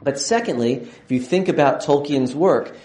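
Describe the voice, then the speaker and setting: A man's voice: a little high, expressive, moderate pace, a little mellow. A man lecturing a class with enthusiasm, digressing often and restarting phrases, in a lecture room with a roomy echo. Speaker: university lecturer.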